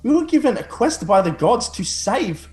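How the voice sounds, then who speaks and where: A man's voice: very high voice, big pitch swings, normal speed, a little mellow. An earnest adventurer pleading hard for his friend, played by a man at a tabletop game. His voice is raised and insistent and sits some distance from the mic. A roomy echo hangs around it. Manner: pleading, emphatic. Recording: echoey, off-mic.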